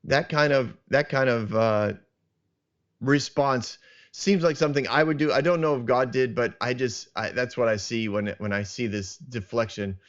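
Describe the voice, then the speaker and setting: A man's voice: medium pitch, normal speed. A man hosting a podcast, reflecting earnestly on a scripture passage and often restarting his sentences as he thinks aloud. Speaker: podcast host teaching scripture. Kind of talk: reflective teaching talk. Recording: dull lo-fi sound.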